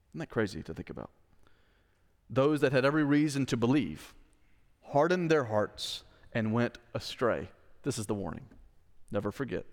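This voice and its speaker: A male pastor preaching with earnest emphasis, repeating his key phrases and putting direct questions to the congregation. His voice sits at an ordinary middle pitch for a man. It rings out with the long reverb of a church sanctuary. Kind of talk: sermon.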